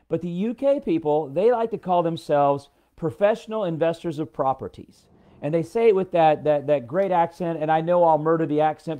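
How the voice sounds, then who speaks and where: An American man hosting a live stream in a loose, rambling way, stopping often to greet viewers by name. His voice is warm and mellow and sits a bit high for a man. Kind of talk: casual live-stream talk.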